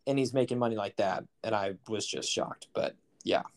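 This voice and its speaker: A man's voice: lowish voice, normal speed, creaky. Rambling, swearing young man on a podcast. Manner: rambling, profane, incredulous storytelling. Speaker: podcast co-host. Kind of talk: casual chat.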